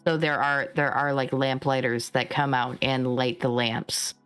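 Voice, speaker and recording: A woman narrating as game master of a tabletop game, relaxed and rambling with many fillers. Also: very deep voice, a little slow, smooth, faint music behind.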